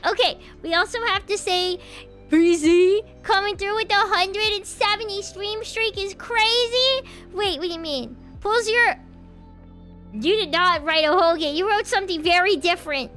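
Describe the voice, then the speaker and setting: A very high, bright, bubbly voice from a woman streamer chatting live with her viewers. She giggles often and teases her chat playfully. Soft music runs faintly underneath. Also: measured pace. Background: faint background music.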